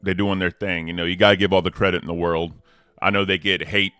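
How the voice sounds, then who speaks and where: A man hosting a casual livestream, laid-back and slangy, giving hype shout-outs to the community. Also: sits low, level tone, fast, clear, resonant tone, dry recording, faint music behind. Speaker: host.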